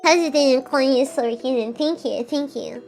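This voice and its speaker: Young woman vtuber chatting on stream, super high voice, teasing, trips over words, soft music behind. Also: a little fast, gravelly. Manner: playful teasing, stammers and repeats words. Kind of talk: casual live-stream chat reading super chats.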